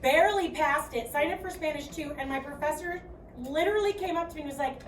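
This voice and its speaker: A woman's voice: high voice, fast talker, slight background noise. A young woman teacher with a Midwestern Chicago accent, leading a math class in a chatty, projecting way and checking in with "okay?" as she goes. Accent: Midwestern American, Chicago. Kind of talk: classroom lecture. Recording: echoey classroom from far off.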